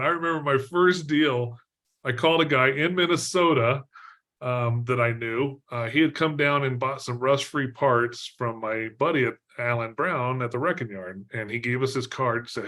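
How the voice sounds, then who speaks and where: A middle-aged man from Texas, a podcast guest telling a story in a lively way, laughing often and using lots of fillers. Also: mid-range voice, normal speed. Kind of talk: storytelling in an interview.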